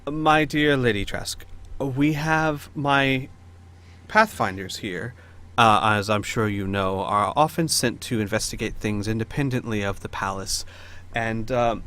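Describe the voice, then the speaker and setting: A man's voice: mid-range voice, fairly bright tone. Man doing a gracious noble lady.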